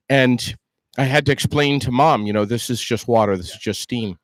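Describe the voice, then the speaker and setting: A man's voice: medium pitch, moderate pace, no room sound, low-quality recording. A male host spinning a playful anecdote, voice in the middle range and recorded dry and close. He tells it with animation, tripping over his own restarts. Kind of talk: casual chat.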